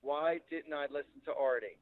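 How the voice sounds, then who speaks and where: A man on a tinny, phone-like line tells stories from his work as a psychic medium with animated storytelling. His voice sits a little high, and it sounds dry and close, with no room around it. He acts out the people he quotes as he goes. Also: moderate pace, no room sound. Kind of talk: storytelling interview.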